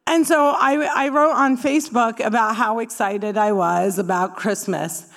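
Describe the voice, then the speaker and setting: A woman's voice: a little high, unhurried. A woman from Palestine doing stand-up comedy, punchy and sarcastic, rising to emphatic bursts. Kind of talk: stand-up talk with audience.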